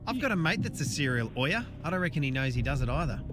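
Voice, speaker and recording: Australian man in his thirties, breakfast radio host, fairly high voice, easygoing banter, music clearly under him. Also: big pitch swings, quick pace.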